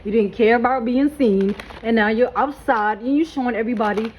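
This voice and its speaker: A woman's voice: on the high side, a little fast, a little mellow, slight background noise, low-quality recording. A woman doing a casual spiritual reading vlog, hyped and blunt, talking in slang and swearing freely. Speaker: tarot reader.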